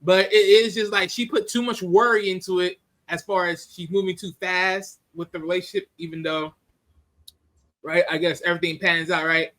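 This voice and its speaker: A man with a high, bright voice talks through a film in loose, casual chat. He is animated, laughs easily and breaks into quick voices to act out the scenes. His delivery is lively and unpolished. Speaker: movie reviewer. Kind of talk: casual spoken movie review.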